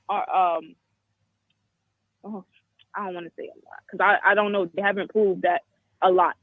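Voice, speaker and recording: A woman in her twenties from the Caribbean, calling in to a talk show and giving blunt, frank opinions with many halting restarts over a phone line. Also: medium pitch, fairly even intonation, no echo, soft background music. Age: 20s. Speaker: caller. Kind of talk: call-in commentary. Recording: tinny dry phone line.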